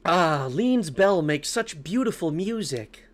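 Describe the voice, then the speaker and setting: A man's voice: a little high, lively intonation, takes it slowly, pitched above the performer's own voice. A man putting on an airy Valley Girl voice for a young woman at a fair. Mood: dreamy. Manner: breathy Valley Girl drawl.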